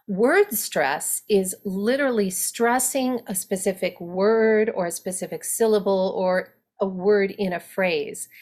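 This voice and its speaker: A woman dialect coach talks actors through her methods at a slow, measured pace. She explains in a deliberate way, pausing to think her points through aloud. Her pitch sits in the middle range. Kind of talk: instructional talk for actors.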